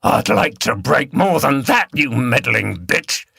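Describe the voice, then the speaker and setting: A man playing a burly, bearded countryman beater who speaks gruffly and threateningly. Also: mid-range voice, sing-song, unhurried, bright, forceful tone, no room sound, studio quality, voice pushed up, exaggerated voice. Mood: menacing.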